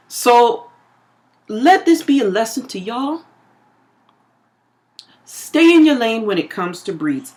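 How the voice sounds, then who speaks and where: A woman vlogger with a medium-pitched voice tells a story casually and with animation. She laughs often and acts out what people said.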